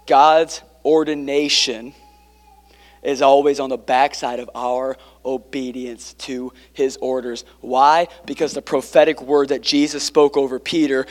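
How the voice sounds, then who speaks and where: A man preaching a sermon, swinging between quiet, intimate passages and emphatic ones, with joking asides to the congregation. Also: on the high side, big-room sound. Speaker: pastor.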